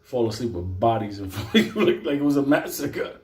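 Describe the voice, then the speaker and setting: Profane, animated male storyteller. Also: medium pitch, fairly quick. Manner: animated, profane, shifts between loud and quiet. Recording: echoey room.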